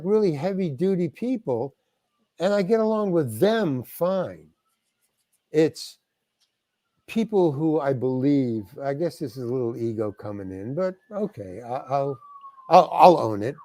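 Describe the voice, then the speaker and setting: Rambling older man, higher voice. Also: expressive, unhurried, mellow, dry recording. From New York. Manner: rambling, frequent restarts, acts out other people's lines. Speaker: guest actor. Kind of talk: casual interview storytelling.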